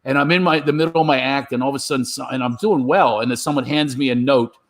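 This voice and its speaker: A man telling a lively comedy anecdote on a video call, acting out other people's voices as he goes. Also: mid-range voice, quick pace. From Philadelphia. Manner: animated storyteller, acts out voices. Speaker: comedian guest. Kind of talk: storytelling chat.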